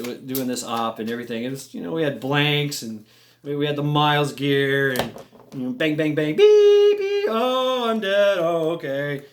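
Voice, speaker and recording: A man casually telling a long story, rambling and animated, swearing freely and making little sound effects as he goes. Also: medium pitch. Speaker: vlogger telling a military story.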